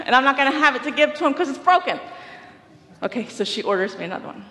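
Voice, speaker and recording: A woman pastor preaching a sermon, telling a personal story in a lively way and laughing often. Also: high voice, fast. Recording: echoey hall with long reverb.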